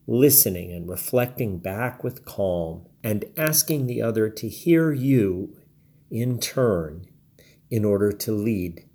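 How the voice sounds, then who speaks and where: Low, mellow-voiced man reading advice. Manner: calm, measured advice with quoted dialogue. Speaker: blog narrator. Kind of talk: reading a blog post aloud.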